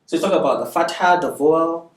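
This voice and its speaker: A man's voice: a little high, fast. A man teaching a beginner Arabic lesson, patient and checking in often with his learners, with light chuckles. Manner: chuckles lightly between points. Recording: echoey room, away from the mic.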